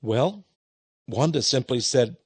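A man's voice: mid-range voice, animated, slow, breathy edge, no echo. A man preaching a sermon in a folksy, chuckling way, telling a personal story and calling his listeners his friends.

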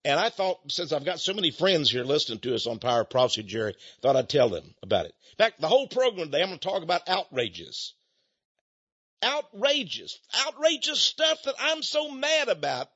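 A man's voice: a little high, very animated, quick pace, hardly any pauses, fairly bright tone, slightly rough, highs cut off. An older man from Texas, hosting a radio talk program in a folksy, rambling way that builds to angry emphasis. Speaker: radio host.

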